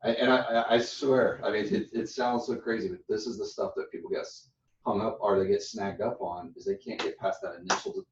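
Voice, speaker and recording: A man's voice: lowish voice, fairly quick, a little hiss or hum. A man with a Southern US accent, casually coaching phone sales scripts and acting out sample greetings. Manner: relaxed, chatty, demonstrates phone lines in a put-on voice. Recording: dull roomy sound from a distance.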